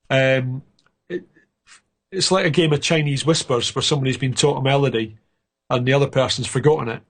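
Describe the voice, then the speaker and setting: A Scottish man giving a chatty, self-mocking critique as a guest panelist on a music review show. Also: mid-range voice.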